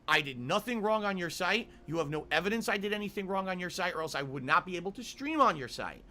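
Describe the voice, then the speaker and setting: A man's voice: high-pitched, expressive, fast, pushed and bright. A middle-aged male streamer ranting angrily to his viewers, swearing and repeating his demands. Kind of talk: angry rant to camera.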